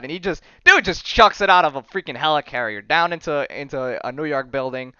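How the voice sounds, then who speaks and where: A man's voice: medium pitch, expressive, fast, few pauses, sharp tone, smooth, no room sound, lo-fi sound. A young man hosting a casual podcast, rambling through a comic book story with laughs and acted-out lines. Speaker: podcast host.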